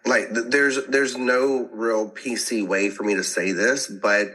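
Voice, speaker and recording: A man hosting a podcast with a bright, forward voice. He laughs along and reacts eagerly to his guest's stories in a casual chat. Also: mid-range voice, fairly even intonation, measured pace, rough recording. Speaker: podcast host.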